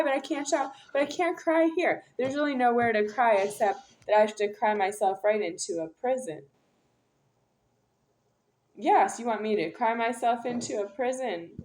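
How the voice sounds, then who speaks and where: A woman in an unscripted monologue to camera, talking intensely and repetitively as she addresses an unseen listener directly. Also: on the high side.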